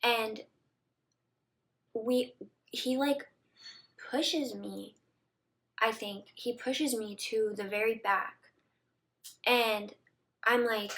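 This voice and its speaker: A young woman speaking straight to her audience in a relaxed storytime vlog, her voice sitting a little on the high side. She talks loosely and conversationally, scattering "like" through her sentences and sometimes dropping to a soft murmur. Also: extremely slow, long pauses. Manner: chatty, many "like" fillers, drops into soft murmurs. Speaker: vlogger. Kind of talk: casual storytime to camera.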